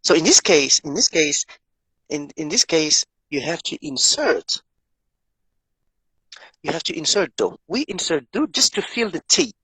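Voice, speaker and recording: A man's voice: fairly high pitch, big pitch swings, measured pace, long pauses, a bit bright, slightly rough, no room sound, poor audio. A male professor lecturing on grammar, explaining step by step, often repeating himself and quizzing his students. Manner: asks students questions.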